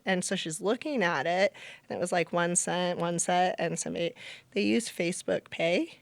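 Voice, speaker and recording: A middle-aged woman, a nonprofit founder, telling stories in an interview and acting out what people said with lively jumps in her voice. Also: moderate pace, vocal fry, dry recording. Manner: animated, acts out quotes with big pitch jumps. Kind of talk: conversational storytelling.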